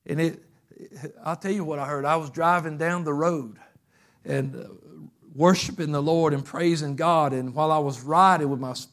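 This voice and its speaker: A man preaching a fervent sermon, telling stories and swinging from loud bursts to hushed passages. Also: a little high, steady tone, moderate pace.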